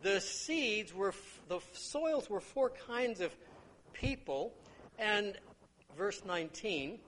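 A man's voice: high voice, animated, takes it slowly, a bit bright, slight background noise. An older man preaching a sermon on a parable, talking conversationally and acting out the lines of the people in his stories. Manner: conversational storytelling with acted-out quotes.

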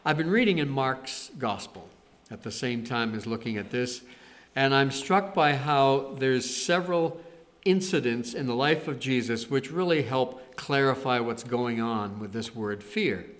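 A man giving a conversational sermon, retelling scripture stories with animated quoted lines. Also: medium pitch, a little slow. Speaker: preacher.

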